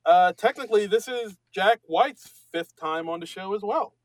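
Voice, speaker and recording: Guy cohosting a comedy podcast, kinda high voice, rambly and jokey, dry close mic. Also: normal speed, dry recording. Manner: rambling, self-mocking, many restarts. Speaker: podcast co-host. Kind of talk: casual chat.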